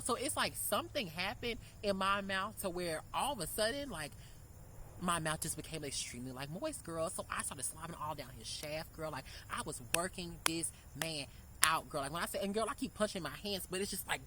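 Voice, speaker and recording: A woman's voice: medium pitch, lively intonation, normal speed, a bit bright, a little hiss or hum, poor audio. A young woman tells a casual storytime in a sassy, brash way, calling her listeners girl and honey. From Memphis, Tennessee. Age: 20s. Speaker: vlogger.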